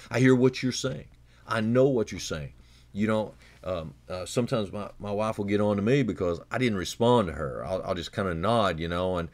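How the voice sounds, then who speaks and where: Deep-voiced earnest male radio preacher. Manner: earnest, repeats words and restarts, rises in pitch for emphasis then drops low and quiet. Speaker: pastor. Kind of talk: radio sermon.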